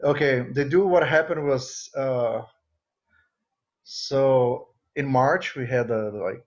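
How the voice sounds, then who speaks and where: Man, warm earnest guest, lo-fi remote audio. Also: medium pitch, slow pace. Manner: earnest, expressive, non-native phrasing. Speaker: guitarist guest. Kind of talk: casual interview chat.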